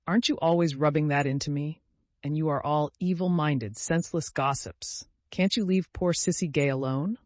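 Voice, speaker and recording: A man's voice: fairly high pitch, normal speed, a little mellow, dry recording, natural voice. A man reading a tart, defiant young woman. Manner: tart, cutting retorts.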